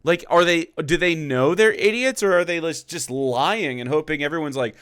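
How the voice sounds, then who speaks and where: A man's voice: on the high side, normal speed, few pauses, fairly bright tone, clean tone, no echo, clean studio sound. A man streaming live, reacting to a video with sarcastic, profane, mocking commentary.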